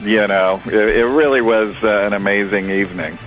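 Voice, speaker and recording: A man's voice: lowish voice, normal speed, fairly bright tone, faint music behind. A man telling a long story as a guest, rambling with many fillers and restarts over a phone line. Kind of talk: storytelling on a radio call. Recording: tinny phone line with faint noise.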